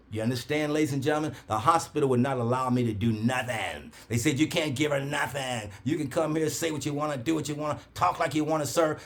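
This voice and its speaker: A man telling an animated story in a preacher-like cadence, acting out quoted voices with big jumps in pitch. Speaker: herbal oil seller.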